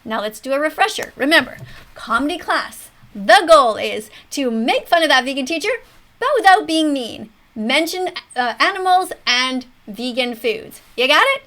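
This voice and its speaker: High-voiced teacherly woman in her fifties. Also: moderate pace. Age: 50s. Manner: animated, schoolteacher tone. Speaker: teacher hosting a reaction video. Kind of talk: mock classroom commentary.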